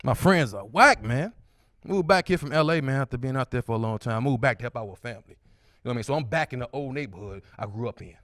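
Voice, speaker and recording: Stand-up comic, man, 40s, bright tense voice, loud high impressions of his friends. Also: lively intonation, fast, dry recording, studio quality. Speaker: stand-up comedian. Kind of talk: stand-up comedy set. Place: comedy club stage.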